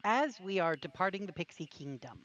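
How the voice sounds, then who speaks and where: A player in a tabletop game, speaking in a calm, confiding way, recorded with a dull lo-fi sound. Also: medium pitch, brisk. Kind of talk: casual tabletop play.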